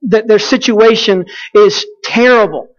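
Storytelling preacher in a reverberant hall. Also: male voice, high-pitched, a little slow, muffled recording. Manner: storytelling, conversational, asks the audience questions. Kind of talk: sermon with a personal story.

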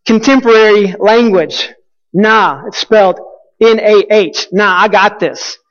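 Male preacher, high-pitched for a man, conversational storyteller, with a dull, muffled recording. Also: in a large hall. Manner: storytelling, conversational, asks the audience questions. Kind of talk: sermon with a personal story.

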